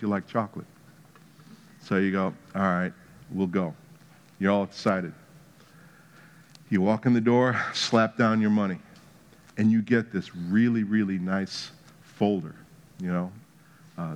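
A man preaching a sermon, telling a playful story with humor that builds to emphatic points. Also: lowish voice. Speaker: pastor.

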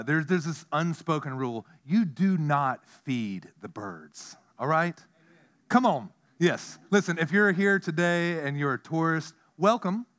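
A man preaching a sermon as pastor, telling stories with animation, dropping to a hush and then rising loud. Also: fairly high pitch. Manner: animated storytelling, swinging from hushed to loud.

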